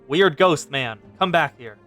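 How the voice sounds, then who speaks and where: Game streamer, casual and chatty, middling pitch. Rambles to chat between reactions to the game. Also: expressive, measured pace, a bit bright, soft background music. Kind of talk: casual live-stream commentary.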